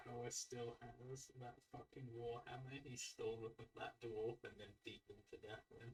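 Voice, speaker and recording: A man's voice: medium pitch, level tone, moderate pace. A man playing a tabletop game, blunt and casual with offhand swearing. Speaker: player. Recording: voice from far off the mic.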